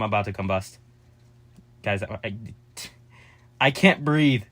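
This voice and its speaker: A man chatting casually and excitably to his viewers, jumping from topic to topic with quick asides and jokes. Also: on the low side. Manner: addresses viewers as "guys", quick asides and joking. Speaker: vlogger. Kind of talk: casual rambling vlog chat to viewers.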